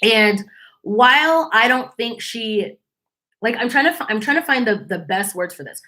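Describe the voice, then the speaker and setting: A young adult woman hosting a casual commentary channel, chatty and animated, mimicking people as she quotes them. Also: fairly high pitch, normal speed.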